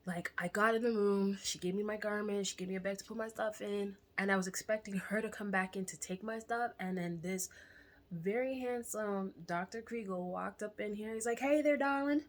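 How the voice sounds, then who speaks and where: A young woman telling a candid personal story to camera in a chatty, animated way, sometimes dropping to a whisper for asides. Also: mid-range voice, normal speed. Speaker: vlogger.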